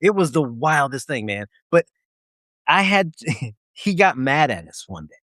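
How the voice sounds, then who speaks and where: A man co-hosting a casual chat, telling an army story in an animated, profane way with frequent laughter. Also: mid-range voice, unhurried, no echo, studio quality. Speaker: podcast co-host.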